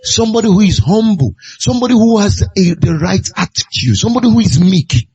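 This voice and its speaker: A man's voice: high-pitched, animated, brisk, darkish tone, slightly rough, dull audio. A man preaching a sermon, pressing his point with repeated rhetorical questions. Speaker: pastor.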